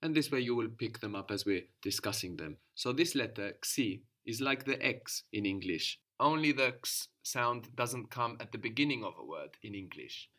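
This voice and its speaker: Male teacher, calm and patient, walks a student through phrases step by step. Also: medium pitch, normal speed, hardly any pauses. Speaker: language teacher. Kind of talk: guided language lesson.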